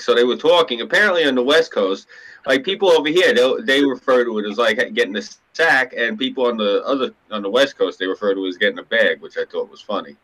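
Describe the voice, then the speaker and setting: Telling meandering, foul-mouthed stories on a podcast, this co-host voices the characters as he goes in a casual chat. He talks fast with a medium-pitched, fairly bright voice, captured in a low-quality recording.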